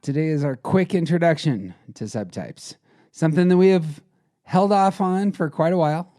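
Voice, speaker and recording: A man co-hosting a podcast, talking in an earnest, relaxed conversational way. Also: fairly high pitch, moderate pace. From Colorado. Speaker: podcast co-host. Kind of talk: casual podcast chat.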